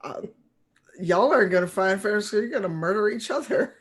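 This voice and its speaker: A woman narrating a tabletop game as game master, relaxed and chatty, quick to laugh. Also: mid-range voice, husky.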